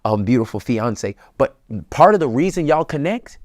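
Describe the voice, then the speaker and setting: A pastor appears as a guest, offering relationship advice in a colloquial, emphatic preacher style that builds to excited peaks. His mid-range voice moves at normal speed, and the recording is dry and clean, studio-grade.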